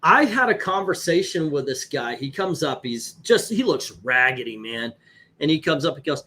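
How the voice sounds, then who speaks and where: A man hosting a stream, telling profane, animated anecdotes in casual chat. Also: on the high side, normal speed. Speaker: host. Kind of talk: casual storytelling on a live stream.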